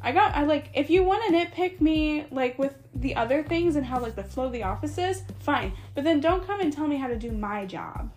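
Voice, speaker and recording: Young woman with a high voice, chatty podcast storyteller, quoting people and laughing through it. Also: brisk, hardly any pauses, faint music behind. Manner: animated, acts out dialogue with laughs. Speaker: podcast co-host, massage therapist. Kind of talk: casual storytelling chat.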